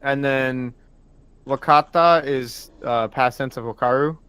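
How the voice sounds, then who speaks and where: Smooth-voiced man explaining Japanese. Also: mid-range voice, slow, a bit bright, dry recording. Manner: patient, explanatory. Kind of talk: casual live-stream chat.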